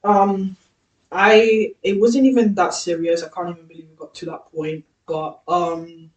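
A young woman co-hosting a podcast, telling a story candidly and casually with quick laughs. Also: fairly low pitch, level tone, a little mellow, recorded from a distance. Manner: candid, laughs often, slips into her friends' voices when quoting. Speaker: podcast co-host. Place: room with ring light, podcast set. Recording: echoey room, set back from the mic.

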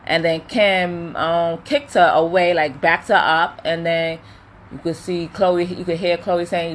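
Chatty, opinionated woman with a lowish voice. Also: measured pace, slight background noise. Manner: chatty, opinionated, animated retelling with quoted voices; many fillers like um and you know. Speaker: commentator recapping a reality show. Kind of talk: casual chat.

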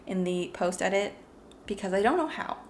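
A woman's voice: medium pitch, lively intonation, normal speed. A woman with a Californian accent, co-hosting a casual podcast chat in a giggly, self-deprecating way on a shared microphone. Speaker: podcast co-host. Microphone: single shared microphone. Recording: echoey room, faint background noise.

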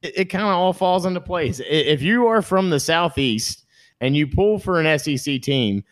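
A man's voice: a little high, expressive, moderate pace, no room sound. A man co-hosting a sports podcast, folksy and joking. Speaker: podcast co-host. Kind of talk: casual sports chat.

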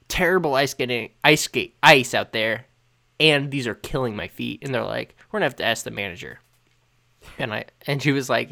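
A young man co-hosting a podcast tells a story with animated energy. He acts out the quoted lines as he goes, and his voice sits at an ordinary middle pitch. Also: vocal fry. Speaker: podcast co-host. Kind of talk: casual chat.

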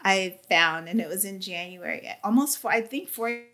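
A woman being interviewed, giving an emotional personal testimony with halting, earnest speech and fighting back tears. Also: mid-range voice, sharp tone. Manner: earnest, halting, with many fillers. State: tearful, near crying.

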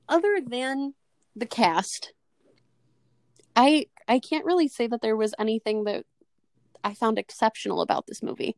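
A woman co-hosting a casual movie podcast, blunt and expressive, swearing freely as she gives her opinions. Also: fairly high pitch, unhurried, pauses often, no room sound, studio quality. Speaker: podcast co-host. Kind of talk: casual chat.

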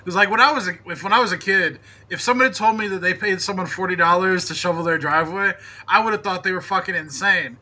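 Bright, high-voiced laid-back man. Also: fast talker, few pauses. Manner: laid-back, profane, hedges with many "like"s. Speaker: podcast co-host. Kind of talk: casual chat.

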